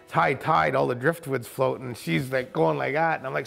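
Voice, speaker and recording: A man who runs a kayak camp and tour boat, telling a first-person story in a vivid, colloquial way with quick asides. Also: medium pitch, fairly even intonation, vocal fry, a bit bright, soft background music.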